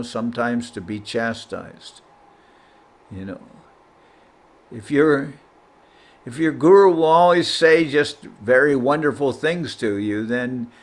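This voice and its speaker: A man, a spiritual teacher, telling a self-deprecating story in an informal talk over a video call. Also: medium pitch. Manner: anecdotal, self-deprecating, animated when quoting.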